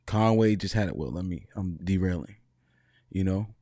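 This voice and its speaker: A man's voice: low-pitched, lively intonation, normal speed, warm tone, no echo, clean studio sound. A man on a casual panel telling a story, loose and slangy, often cutting himself off. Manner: loose, rambling, slangy, self-interrupting.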